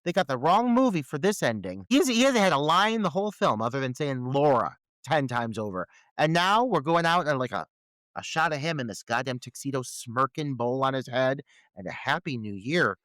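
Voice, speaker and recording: Male podcast co-host, animated pitch, dry mic, incredulous and profane. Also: fairly quick, no echo. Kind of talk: casual film review chat.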